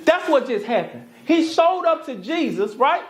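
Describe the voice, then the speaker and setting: Preaching in a high-pitched voice at a moderate pace, this woman pastor has a Southern US accent. She delivers her sermon animatedly and conversationally, calling out to the people in the congregation.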